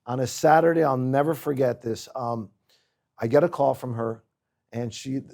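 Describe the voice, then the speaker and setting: A man's voice: mid-range voice, normal speed, gravelly. A man from Puerto Rico, a guest chef telling stories casually and acting out the people in them. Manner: animated, acts out the people in his stories. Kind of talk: casual storytelling on a podcast.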